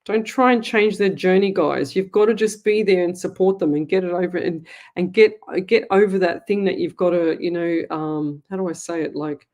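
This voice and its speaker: A woman's voice: fairly low pitch, moderate pace, few pauses, a little mellow. A middle-aged Australian woman hosting a live psychic call-in show, talking bluntly and scolding callers in a motherly way. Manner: blunt, motherly scolding, calls people lovey. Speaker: psychic medium radio host.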